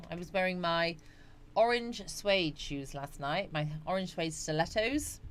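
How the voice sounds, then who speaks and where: A woman's voice: fairly low pitch, a little hiss or hum. A middle-aged woman hosting a casual live chat stream from home, greeting viewers by name and reading their comments out. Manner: chatty, greets viewers by name, frequent yawns and laughs. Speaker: livestream host.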